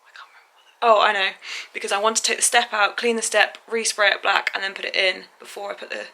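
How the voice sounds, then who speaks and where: A woman's voice: medium pitch, level tone, quick pace, pushed and bright. A young woman talking casually to camera in a van-build vlog, chatty and self-critical, sometimes dropping to a near-whisper. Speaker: van life vlogger. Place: garage and driveway while building.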